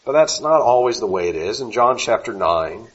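A man preaching a sermon, swinging from loud emphatic lines to soft, slow ones. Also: fairly low pitch, lively intonation, muffled recording.

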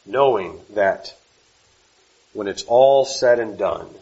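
A man preaching a sermon, swinging from loud emphatic lines to soft, slow ones. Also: fairly low pitch, lively intonation, vocal fry, lo-fi sound.

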